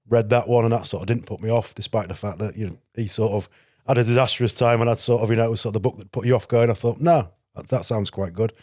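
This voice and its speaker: Yorkshire man, podcast guest, quick anecdotal storyteller, dry close sound. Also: fairly low pitch, a little mellow, dry recording. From North Yorkshire, England. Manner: chatty, anecdotal, acts out quoted exchanges. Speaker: guest, former legionnaire. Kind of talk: casual storytelling interview.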